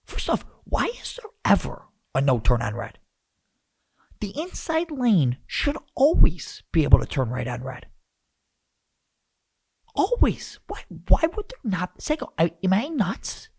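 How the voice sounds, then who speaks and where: A man hosting a podcast, rambling and animated as he rants, with lots of restarts. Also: high voice, a little slow, gravelly, slightly rough, no echo, clean studio sound. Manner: animated, rambling, self-interrupting. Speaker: podcast host. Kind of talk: casual podcast rant.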